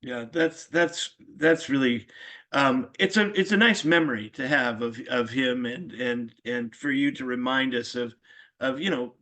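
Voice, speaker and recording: A man's voice: mid-range voice, fairly bright tone. A man in his sixties hosting an interview, asking rambling questions full of fillers. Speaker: podcast host. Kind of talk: casual interview conversation.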